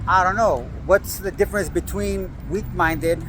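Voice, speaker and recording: A worn-out man rambles profanely at the passing cars, his voice sitting a little high. He spells plate numbers out slowly, with a confrontational edge. Loud street traffic runs under his phone recording. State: tired. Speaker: vlogger filming cars on the street.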